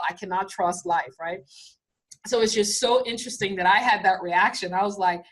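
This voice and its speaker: A middle-aged woman, a spiritual teacher, telling a story in a casual, animated way, laughing often and acting out other voices. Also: medium pitch, normal speed, slightly rough.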